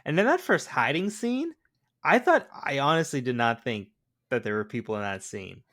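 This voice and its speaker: Man, co-host, mid pitch, casual film chat, quick reactions. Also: very animated, a bit bright. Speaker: podcast co-host.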